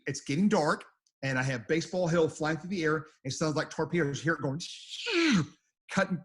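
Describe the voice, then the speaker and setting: A middle-aged man tells his storm stories in a rambling, animated way, often repeating himself and acting out what people said. His voice sits a touch high for a man. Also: slightly rough. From United States. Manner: rambling, repeats words, acts out quotes. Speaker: storm chaser guest. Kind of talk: animated storytelling.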